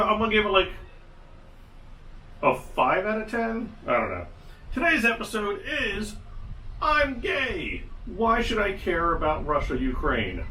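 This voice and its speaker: A man hosts his own podcast, giving casual solo commentary peppered with sarcastic, wry asides. His high voice sounds pushed and bright, picked up by a distant mic in an echoey room with slight background noise.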